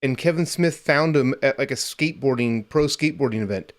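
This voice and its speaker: A man in his fifties talking loosely in casual podcast chat, winding through long stories and dropping the odd curse word. His voice sits at an ordinary middle pitch. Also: brisk. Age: 50s. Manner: rambling storyteller, swears casually. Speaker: podcast host.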